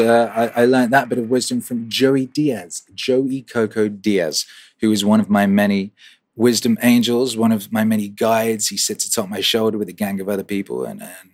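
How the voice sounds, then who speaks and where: A man hosting a weekly question-and-answer livestream, chatting casually, swearing and repeating phrases for rhythm. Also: fairly low pitch. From England.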